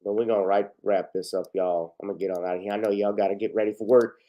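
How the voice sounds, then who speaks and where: A man hosting his own video, talking through a news story in loose, profane casual commentary that often trails off quietly. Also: fairly low pitch, fairly even intonation, quick pace, dull audio. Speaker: vlog host.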